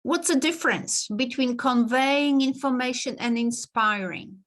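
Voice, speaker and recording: A woman teaching a class over a video call, explaining in a lively, conversational way with frequent laughs. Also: high-pitched, unhurried. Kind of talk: online lecture.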